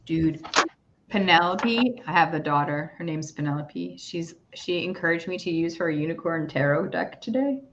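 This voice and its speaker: A middle-aged woman hosting a livestream, leading a guided meditation and giving tarot readings in a gentle, casual, rambling way over a video call. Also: low-pitched, lively intonation, normal speed, slight background noise. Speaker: spiritual reader and stream host. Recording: dull lo-fi stream audio.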